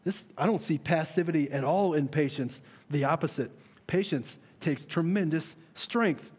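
High-voiced pastor preaching in a reverberant hall. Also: male voice, moderate pace, slightly rough. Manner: earnest, animated, talks to the listener with rhetorical questions. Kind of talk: sermon. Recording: long reverb of a large hall.

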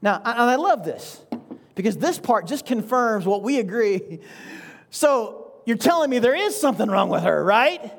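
High-voiced man preaching conversationally. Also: very animated, moderate pace, gravelly. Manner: conversational, asks "right?" often, chuckles between points. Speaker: pastor. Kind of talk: sermon.

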